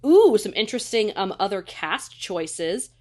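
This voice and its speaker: A woman's voice: mid-range voice, sing-song, measured pace, darkish tone. A woman co-hosting a film podcast, chatting casually and reading trivia aloud, often laughing and swearing. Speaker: podcast co-host.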